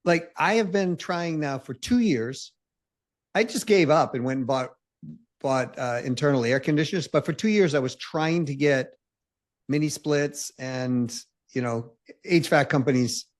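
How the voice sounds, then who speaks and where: A man's voice: on the high side, a little slow. Emphatic man, guest on an interview. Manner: emphatic, full of "like" and "you know". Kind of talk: casual podcast interview.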